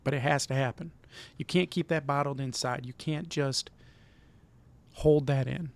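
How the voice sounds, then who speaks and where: Middle-aged guy from michigan doing a motivational vlog, gravelly voice, earnest and pushy in a friendly way. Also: medium pitch, steady tone, normal speed. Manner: earnest, encouraging, repeats himself. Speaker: vlog host. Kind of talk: motivational talk to camera.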